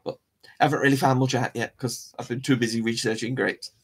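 A man's voice: medium pitch, little pitch movement, fast, husky. A man hosting a live show, talking in a rambling, chatty, self-mocking way. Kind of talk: casual live-stream chat.

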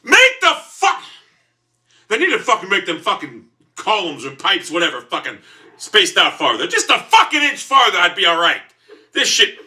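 A man giving profane gameplay commentary while seated, grumbling, then bursting into yelling outbursts. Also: high voice, very animated, moderate pace. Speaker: gamer. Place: seated in a chair while playing.

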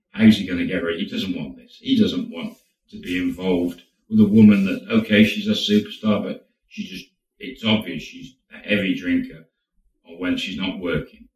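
Deep-voiced man telling a story. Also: reverberant, distant mic, poor audio. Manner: chatty, acts out quotes, laughs now and then. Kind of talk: casual spoken storytelling.

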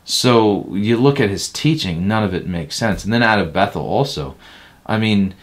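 Answering interview questions, a male pastor with a lowish, expressive voice speaks at a moderate pace, blunt, emphatic, and critical, sometimes slipping into mocking quotes of others.

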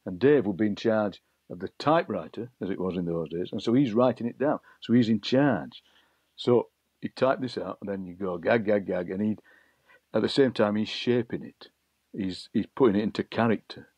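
A middle-aged man, a poet being interviewed, telling lively anecdotes and acting out voices he overheard. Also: on the low side, normal speed, husky, dry recording. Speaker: poet and broadcaster, guest. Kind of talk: interview storytelling. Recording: dull lo-fi dry sound.

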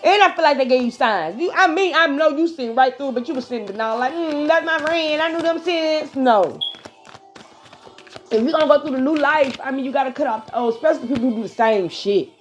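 A woman giving viewers a casual spiritual pep talk, profane and animated, laughing often and breaking into bits of song. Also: sits high, brisk, soft background music. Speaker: spiritual vlogger.

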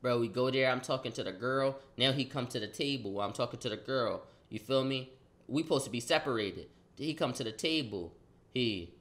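A young man casually telling a story in slang, acting out the quotes loudly. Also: medium pitch, expressive, moderate pace. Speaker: vlogger.

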